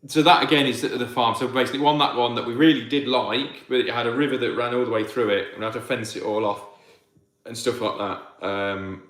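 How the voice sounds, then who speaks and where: A man answers viewer questions live. His voice sits at an ordinary pitch, and he talks in loose, rambling bursts full of restarts that turn into heated rants. The sound bounces around a roomy, echoey space. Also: steady tone, a little fast, a bit bright. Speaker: farmer hosting viewer Q&A. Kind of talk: casual livestream chat reading viewer questions.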